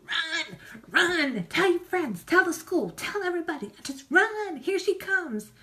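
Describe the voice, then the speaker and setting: A woman's voice: sing-song, unhurried, heavily acted. A woman voicing a panicked little pond fish that shrieks a frantic warning to the others to flee. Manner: shrill, frantic shouting.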